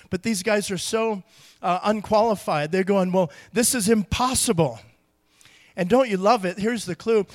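High-voiced man preaching conversationally. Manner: conversational, animated, acts out quotes with emphasis. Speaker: pastor. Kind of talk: sermon.

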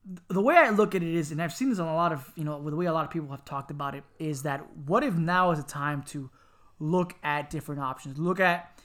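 A man co-hosting a casual podcast, an animated storyteller who jokes around and slips into loud laughing impressions. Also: a little high, fast talker. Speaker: podcast co-host.

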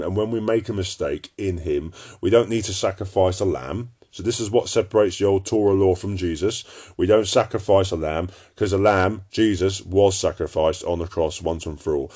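A man preaching informally to his viewers, blunt and scolding, swinging between loud warnings and low, intense tones.

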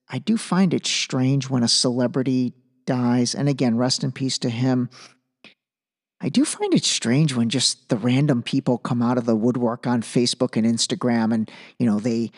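Guy doing a solo podcast, chatty and jokey, mid voice, lots of reverb. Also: mid-range voice. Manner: loose, chatty, jokey asides. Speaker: podcast host. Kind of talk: casual solo podcast commentary. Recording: long room reverb.

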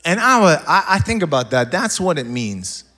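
A man preaching a sermon to a congregation, swinging from quiet asides to loud, animated bursts, with loose storytelling full of restarts. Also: on the high side, normal speed. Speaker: pastor.

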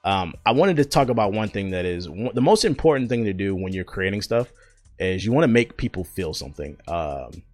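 A man's voice: deep voice, animated, a little fast, a little mellow, dry recording. A young man hosting a podcast, telling stories in a loose, profane, slangy chat full of fillers, on a close mic. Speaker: podcast host. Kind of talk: casual storytelling chat.

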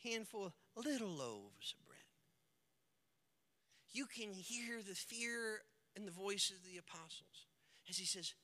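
Male pastor, very high piercing voice, dynamic sermon delivery from whisper to shout, long church reverb. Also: very animated, measured pace, long pauses. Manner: dynamic preaching, swings from hushed to shouting; acts out quoted characters in the stories.

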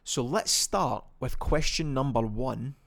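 A young man with a Scottish accent talks through his solo podcast in a loose, rambling way, often stopping to restart a thought. His voice has a gravelly edge at mid pitch. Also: takes it slowly, fairly bright tone. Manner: chatty and rambling, lots of ums and self-corrections. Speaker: podcast host. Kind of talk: casual solo podcast chat.

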